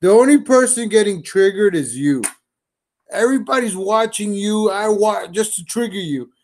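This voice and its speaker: Man, high-pitched, profane, mocking, reaction streamer. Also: moderate pace, darkish tone. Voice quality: mocking, insulting, swears heavily.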